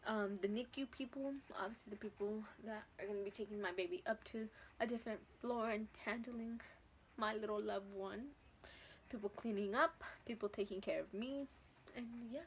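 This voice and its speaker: A woman's voice: mid-range voice, moderate pace, slight background noise. A teenage woman vlogger telling a casual story from home, blunt and profane with lots of slang. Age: teens.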